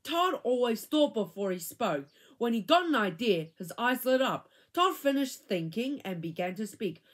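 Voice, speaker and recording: A woman reading a children's chapter book aloud, with an expressive, animated delivery. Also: a little high, normal speed. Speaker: reader.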